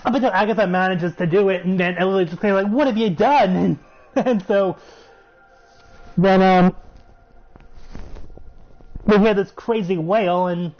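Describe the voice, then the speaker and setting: A man giving a chatty, excitable recap of a show episode. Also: high-pitched, a little slow, pauses often. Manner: chatty, excitable, laughs while retelling. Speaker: show reviewer. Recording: muffled recording with faint music.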